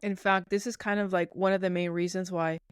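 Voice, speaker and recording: A woman podcast co-host chatting casually, relaxed and thoughtful, often trailing off mid-sentence. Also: on the low side, fairly quick, clean tone, dry recording, studio quality. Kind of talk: casual chat.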